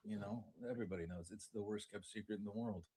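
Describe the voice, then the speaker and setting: A man's voice: on the low side, fairly even intonation, fast, dark tone, breathy edge, low-quality recording. A man co-hosting a livestream, talking bluntly and with profanity, backing up the host. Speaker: guest co-host. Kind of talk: heated commentary chat.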